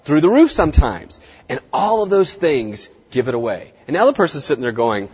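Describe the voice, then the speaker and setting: Animated male lecturer in an echoey hall. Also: fairly high pitch, brisk, husky, dull audio. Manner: animated, dramatic swings in tone and pace. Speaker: veterinary lecturer. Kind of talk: lively live lecture to students.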